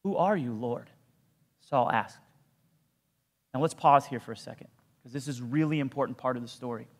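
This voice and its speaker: A man's voice: fairly even intonation, a little fast. Man preaching in a reverberant hall. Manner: conversational storytelling with asides, dropping low for emphasis. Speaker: pastor. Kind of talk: sermon.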